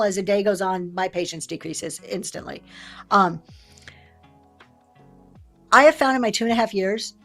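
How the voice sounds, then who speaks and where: A middle-aged woman hosting a casual livestream, chatty and quick to laugh as she reads viewer comments. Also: medium pitch. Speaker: live-sale seller and host. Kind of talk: casual livestream business talk.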